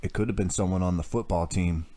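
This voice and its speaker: A shaken, exhausted teenage boy from a teen thriller audiobook, voiced by a man. The low voice sounds weary throughout. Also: fairly even intonation, fast talker, warm tone, natural voice.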